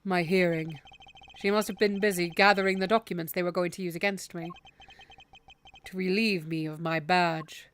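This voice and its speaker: Brief: woman voicing a reserved male prosecutor, measured and low-key. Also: fairly even intonation, slight background noise, lightly acted. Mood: grave. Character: calm, composed male prosecutor.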